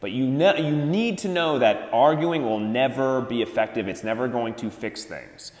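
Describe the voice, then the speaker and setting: A man's voice: medium pitch, normal speed. A man giving dating advice in a blunt, profane rant. He swears freely and mocks others in put-on voices. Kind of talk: profane ranting advice monologue. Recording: echoey room with long reverb.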